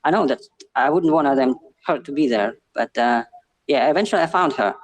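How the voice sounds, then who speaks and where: Halting, hesitant man in casual chat. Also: mid-range voice. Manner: halting, hesitant, with many "uh" pauses.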